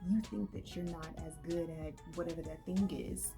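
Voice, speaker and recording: Encouraging woman with gravelly voice. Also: on the low side, moderate pace, music in the background. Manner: encouraging, animated, quotes imagined speech. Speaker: podcast co-host. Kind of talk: casual faith conversation.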